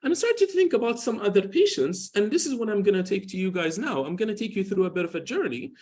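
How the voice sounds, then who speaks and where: With big swings in pitch, a quick pace, and a slightly high, somewhat mellow voice, a man in his forties lectures on dermatology at a hospital. His delivery wanders, full of "you know" and false starts. He shares patient anecdotes in a relaxed, casual way.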